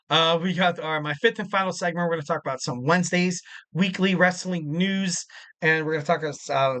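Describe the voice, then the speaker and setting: A man's voice: on the high side, fairly bright tone. A man in his thirties hosting a casual solo podcast, rambling with lots of "you know" fillers. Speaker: podcast host.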